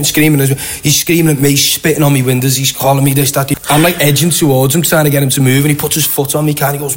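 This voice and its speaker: A man's voice: on the high side, fast talker. Scouse man telling a rambling story. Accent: Liverpool. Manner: rambling, animated anecdote with quoted voices. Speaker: guest. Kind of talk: casual storytelling.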